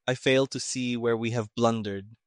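A man voicing a grumbling male army major who mutters gruffly. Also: medium pitch, fairly even intonation, normal speed, no echo, studio quality, lightly acted.

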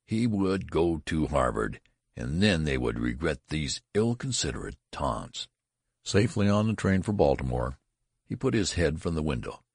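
Very deep gravelly male narrator. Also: sing-song, normal speed, no room sound, studio quality. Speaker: audiobook narrator. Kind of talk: storybook narration.

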